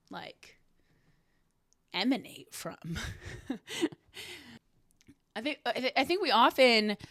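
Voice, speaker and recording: A young woman hosting a solo podcast, talking earnestly and reflectively, with soft laughs now and then. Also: medium pitch, no echo, studio quality. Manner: earnest, warm, self-reflective, laughs softly. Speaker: podcast host.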